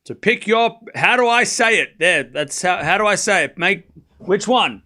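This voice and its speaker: A man's voice: sits high, lively intonation, moderate pace, sharp tone. Chatty man calling tennis on a stream. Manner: chatty and self-mocking, stumbles over names. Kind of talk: casual play-by-play watchalong commentary.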